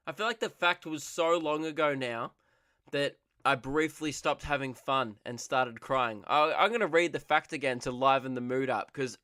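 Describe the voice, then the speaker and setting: A man's voice: a little high, sharp tone, no echo, clean studio sound. A young man hosting his own comedy podcast, rambling and sarcastic, often laughing at his own jokes.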